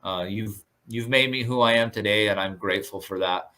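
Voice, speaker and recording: A surf instructor man talks in a casual interview. His voice sits a bit low but rings bright and forceful. He sounds earnest and grateful, stumbling through fillers and restarts. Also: normal speed. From Southern California.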